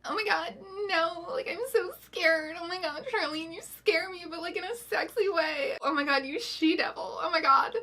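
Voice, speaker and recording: A woman's voice: extremely high pitch, lively intonation, moderate pace, few pauses, a bit bright, voice pushed up. A woman voicing a terrified, swooning young woman from a pulp novel who gushes and pleads breathlessly.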